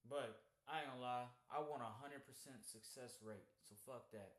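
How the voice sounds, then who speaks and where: Young guy talking slang on a call, cursing a lot, roomy echo, average pitch. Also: moderate pace. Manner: animated storytelling, heavy slang and swearing. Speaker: trading streamer. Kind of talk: casual chat on a call. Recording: echoey room.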